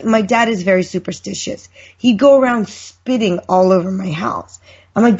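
Husky middle-aged woman, chatty storyteller. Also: mid-range voice, darkish tone, muffled recording. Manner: friendly, drawn-out chatty storyteller. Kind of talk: casual chat.

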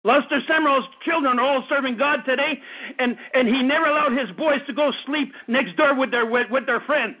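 High-voiced preacher man in his fifties. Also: fairly quick. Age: 50s. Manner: fervent, repetitive preaching with stammered restarts. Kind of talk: radio sermon. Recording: tinny phone-like radio broadcast.

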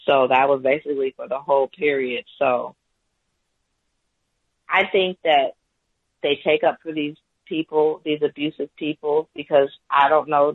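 Male caller, rambling and hesitant, slightly high voice, thin phone line. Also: vocal fry, no room sound. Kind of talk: call-in talk radio account. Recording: tinny phone line, dry.

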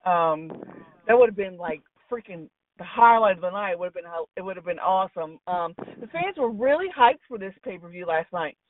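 Calling in over a tinny phone line and sitting well back from the mic, a woman with a fairly low, animated voice talks wrestling at a brisk pace. She's an opinionated commentator who doesn't hold back, cursing freely in this casual call-in chat.

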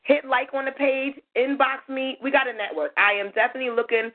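A woman hosting a call-in radio show, chatty and lively, thanking callers and a little hoarse from losing her voice. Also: sits high, a little fast. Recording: tinny phone-line audio.

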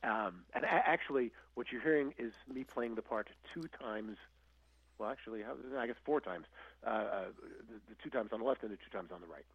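Older male guest musician, lively anecdote-teller with a slightly husky tone on a muffled recording. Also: fairly low pitch, a little fast, no room sound. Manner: animated storyteller, acts out quotes, frequent restarts. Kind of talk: casual storytelling interview. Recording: dull lo-fi audio.

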